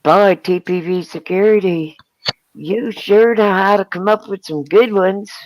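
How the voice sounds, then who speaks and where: A woman with a Southern US drawl bantering on a livestream, playful and quick to laugh. She talks slowly and stretches her words. Her voice sounds dry and close to the mic. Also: mid-range voice, darkish tone, dry recording, poor audio. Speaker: panel host.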